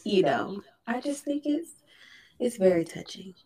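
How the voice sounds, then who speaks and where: A woman's voice: mid-range voice, expressive, a little slow, dark tone, husky, poor audio. A woman co-hosting a podcast in casual chat, emotional and blunt, using slang freely. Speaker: podcast co-host.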